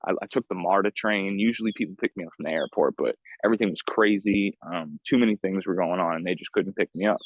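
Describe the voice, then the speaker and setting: A man's voice: low voice, fast, few pauses, dry recording. A young man with a New York accent, hosting a podcast and telling a story in casual street slang, full of swearing and fillers. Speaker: podcast host. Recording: dull lo-fi remote audio.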